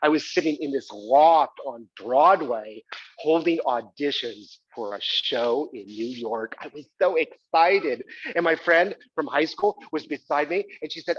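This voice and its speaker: A man's voice: on the high side, animated, moderate pace, husky. A man performing a chatty, self-mocking autobiographical monologue on a theater stage. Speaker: solo performer. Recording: dull live theater recording.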